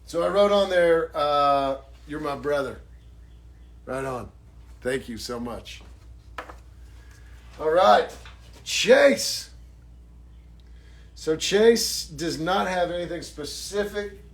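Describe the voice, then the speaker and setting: A man, an actor signing autographs on a live stream, chatting casually in a jokey, self-mocking way and thanking fans warmly. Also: a little high, expressive, slow, creaky, long pauses.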